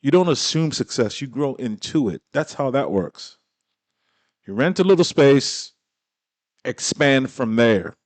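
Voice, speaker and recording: A man's voice: mid-range voice, expressive, measured pace, darkish tone, dry recording. Blunt, exasperated man reacting on a dry mic. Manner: blunt, exasperated, profane, slangy. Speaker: commentator reacting to a clip. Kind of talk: casual reaction commentary.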